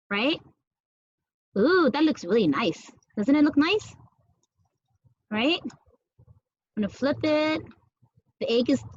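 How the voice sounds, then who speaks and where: High-voiced playful teacher woman. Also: no room sound, lo-fi sound. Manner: sing-song, playful with children, making animal sounds. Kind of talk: cooking and teaching toddlers at home.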